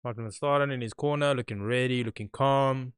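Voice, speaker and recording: Male host, young, casual live-stream commentator; smooth voice, dead-dry close mic. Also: mid-range voice, a little fast, no echo. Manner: chatty, talks to his live chat. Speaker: podcast host. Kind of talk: live watch-along commentary.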